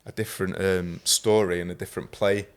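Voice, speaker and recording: A man's voice: deep voice, level tone, brisk. A man hosting a podcast in casual chat, chatty and profane, telling stories in quoted voices and laughing often. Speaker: podcast host.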